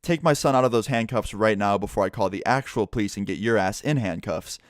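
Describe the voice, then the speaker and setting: Dude doing his angry mom, sharp scolding, talks fast. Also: lowish voice, no echo, studio quality, natural voice. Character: furious protective mother, middle-aged.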